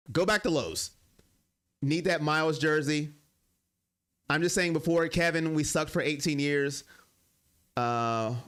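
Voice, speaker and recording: A young man hosting a sports live stream, reading and answering viewer comments, swinging between heated rants and quiet apologies. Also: a little high.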